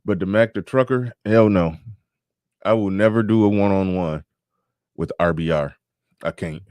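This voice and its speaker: A man's voice: sits low, moderate pace, a little mellow, no room sound. A male show host in a loose, rambling commentary with stammered restarts. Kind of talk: casual livestream commentary.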